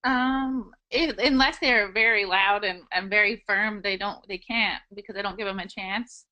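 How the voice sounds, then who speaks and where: A woman sales agent who speaks with confident, crisp control, running a phone script and discussing it. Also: medium pitch, fairly even intonation, moderate pace, pushed and bright, dull audio. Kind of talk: demonstrating a sales call, then discussing.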